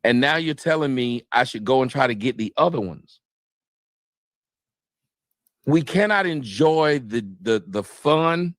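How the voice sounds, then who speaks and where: A man's voice: mid-range voice, animated, a little slow, pauses often, no room sound. A man on a live stream, talking casually, stumbling over his words and repeating them as he works up to a point. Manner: hesitant, repeats words, then heated.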